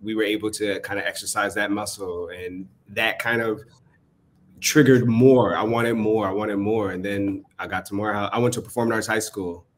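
A man from New Jersey, in his thirties, chatting in an interview about his path as a performer, relaxed and full of stories. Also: normal speed, a little hiss or hum. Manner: relaxed and storytelling, acts out quotes with sudden high voices. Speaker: interview guest, writer and actor. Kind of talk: casual interview chat.

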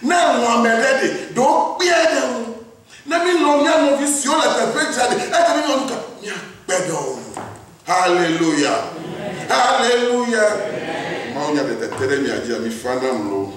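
Animated preacher, echoey church. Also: male voice, extremely high pitch, a little slow, distant mic, crowd noise. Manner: switches between English and a West African language; rhetorical questions to the congregation. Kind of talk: sermon. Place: church hall.

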